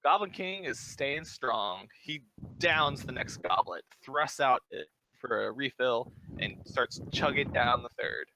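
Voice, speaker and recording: A man serving as dungeon master, narrating a tabletop session with a bright, forceful edge to his voice. His delivery is easygoing and loose, sprinkled with little fillers. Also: medium pitch, animated, measured pace, a little hiss or hum, rough recording. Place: home setup, streamed live.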